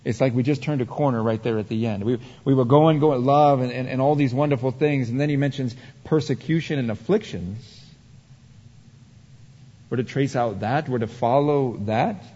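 A man preaching a sermon, swinging from heated emphasis to hushed, drawn-out points. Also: mid-range voice. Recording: dull muffled sound with long hall reverb.

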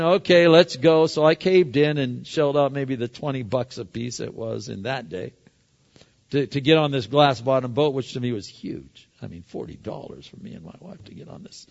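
A middle-aged man preaching a sermon as a pastor, telling stories with sudden loud and quiet turns. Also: mid-range voice, vocal fry. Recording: long hall reverb, dull lo-fi sound.

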